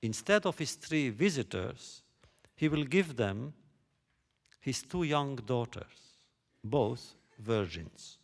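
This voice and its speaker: Slow, questioning male lecturer. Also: medium pitch, sing-song. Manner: rhetorical questioning, deliberate. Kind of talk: lecture on biblical text. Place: lecture hall stage.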